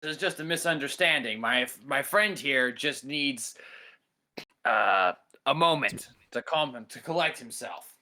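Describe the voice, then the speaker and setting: A man's voice: medium pitch, lively intonation, measured pace, pushed and bright. A man playing a tabletop game, eagerly talking his character out of trouble. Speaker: player. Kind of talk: casual tabletop game play.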